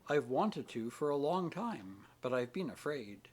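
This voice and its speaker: A man voicing an earnest, devout young woman pleading gently with her father in an audiobook. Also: mid-range voice, big pitch swings, a little slow, slightly rough. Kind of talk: audiobook character reading.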